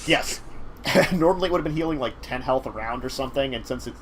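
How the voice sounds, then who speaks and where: A man's voice: mid-range voice, a bit bright, slight background noise. A man hosting a casual talk show, rambling through a game master's recap with frequent restarts. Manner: rambling, halting with fillers and restarts. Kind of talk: casual chat recapping games.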